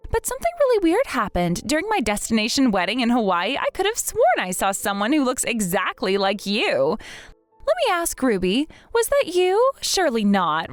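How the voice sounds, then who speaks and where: A woman's voice: on the high side, dry recording. A woman voicing a snobbish, spoiled young bride in a text-message drama, with a sneering, condescending manner.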